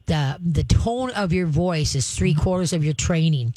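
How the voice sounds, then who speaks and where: A chatty dog trainer coaching a caller through puppy training. The talk wanders and restarts, with playful dog talk and frequent laughs. The pitch sits in the middle range and the sound is close and dry, with no room echo. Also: moderate pace, vocal fry, hardly any pauses. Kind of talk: advice chat with a caller.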